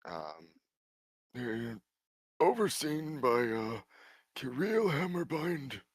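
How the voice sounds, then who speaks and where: A man's voice: mid-range voice, sing-song, drawn-out words, breathy edge, no room sound. A man narrating a tabletop game as game master, rambling with many fillers.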